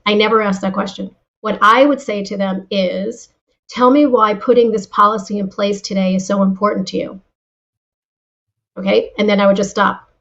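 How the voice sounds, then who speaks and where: A woman telling anecdotes and giving advice as a guest in a casual interview, with lively delivery and frequent restarts. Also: medium pitch, lo-fi sound. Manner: animated storyteller, frequent restarts. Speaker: guest, former insurance seller.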